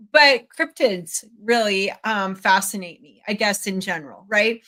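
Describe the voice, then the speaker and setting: A woman hosting an interview in a chatty, giggly way over a video call, her voice hoarse from a recent cold. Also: mid-range voice, animated, slow, pushed and bright. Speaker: podcast host. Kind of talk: casual interview chat.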